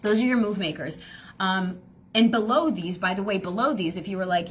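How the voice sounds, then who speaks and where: A woman's voice: mid-range voice, moderate pace, a bit bright, husky. Chatty woman coaching on a live stream. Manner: chatty, rambling, lots of fillers and playful voices. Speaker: business coach. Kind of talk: casual live-stream teaching.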